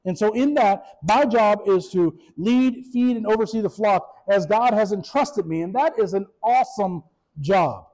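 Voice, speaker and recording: Male pastor, high voice, conversational sermon, animated, repeats himself. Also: a little slow, rough recording. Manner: animated, repeats words, asks the room questions.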